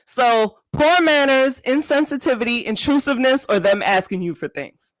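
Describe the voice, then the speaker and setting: A woman's voice: sits high, normal speed, no room sound, low-quality recording. A woman hosting a podcast, chatting casually in slang, laughing often and reading out multiple-choice questions to her guest. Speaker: podcast host. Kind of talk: casual interview chat.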